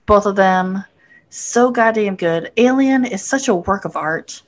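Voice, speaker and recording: A woman's voice: mid-range voice, expressive, measured pace. A woman casually talking about films as a podcast co-host, enthusiastic and joking. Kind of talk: casual movie review chat.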